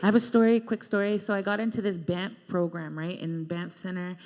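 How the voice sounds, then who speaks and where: On a concert hall stage before a live audience, a woman singer-songwriter tells a chatty, self-mocking story between songs into a stage microphone. Her voice is lowish, a little mellow and a little fast, with little pitch movement, and the large hall adds long reverb.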